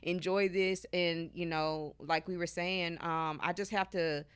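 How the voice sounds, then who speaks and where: A woman podcast host sharing reflections in a calm, encouraging, conversational way. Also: fairly low pitch, a little slow, clean tone.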